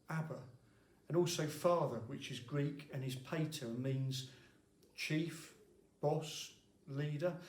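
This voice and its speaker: A man's voice: a little high, a little mellow. A man who is a lead minister, giving a short midweek devotional talk in a wry, conversational way with frequent fillers. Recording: echoey room.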